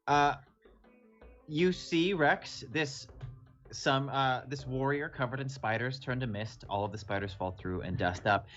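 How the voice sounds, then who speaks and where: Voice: mid-range voice, unhurried, soft background music. A game master narrating a tabletop game in a loose, laughing, sometimes profane way. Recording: dull lo-fi audio.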